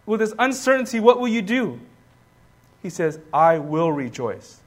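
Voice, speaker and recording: A man's voice: sits high, big pitch swings, measured pace. A man preaching a sermon as pastor, emphatic and repetitive, calling on the congregation to answer back. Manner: emphatic, repeats key words, rising to loud bursts.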